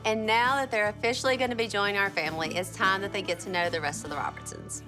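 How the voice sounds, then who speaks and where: A woman in her forties narrates in a warm, effusive way, with a mid-range voice. Music plays beneath her words. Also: mid-range voice, fairly even intonation, fast. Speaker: family member, mother of the groom. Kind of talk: reality-show narration and chat. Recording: background music under the dialogue.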